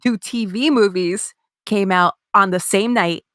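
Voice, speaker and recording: A woman's voice: medium pitch, a little slow, fairly bright tone, no room sound, clean studio sound. A woman in her thirties co-hosting a podcast, telling a story in casual chat, swearing and laughing often. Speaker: podcast co-host.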